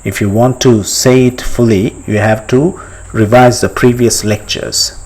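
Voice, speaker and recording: A man teaching a step-by-step language lesson, repeating each word slowly and quizzing the listener. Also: medium pitch, fairly even intonation, darkish tone, rough recording. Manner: slow, deliberate, repeats each word for practice; asks the listener questions and pauses for answers.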